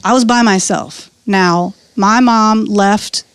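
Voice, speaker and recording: A woman in her thirties tells her life story with a comedian's timing, swearing freely and slipping into the voices of the people in it. Her pitch sits in a middle range for a woman. The recording is dry and close, with no room sound. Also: slow, clean tone, no room sound. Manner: animated, profane, acts out quotes. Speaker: interview guest, comedian. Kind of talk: candid storytelling.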